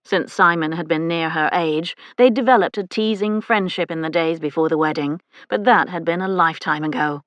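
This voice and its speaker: A woman reading a historical romance novel aloud as an audiobook narrator, in a measured, even storytelling manner. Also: on the low side, dry recording, lo-fi sound. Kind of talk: scripted narration.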